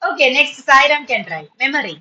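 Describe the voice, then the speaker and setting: A woman's voice: high-pitched, lively intonation, fast, bright, forceful tone, rough recording. A woman teacher, running a spoken class patiently and praising students often, sometimes switching into to explain. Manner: switches into Tamil when explaining. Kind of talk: online spoken English class.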